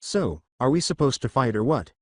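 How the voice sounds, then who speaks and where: A man's voice: medium pitch, sing-song, normal speed, no room sound. Man as an old scarred battle lizard, put-on French-like accent, stern, dry close voice. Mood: menacing.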